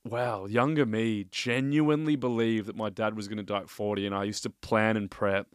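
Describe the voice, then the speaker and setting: A man's voice: fairly low pitch, fairly even intonation, moderate pace, clean tone, no echo, studio quality. A man co-hosting a podcast, talking openly and emotionally in casual chat, often laughing. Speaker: podcast co-host.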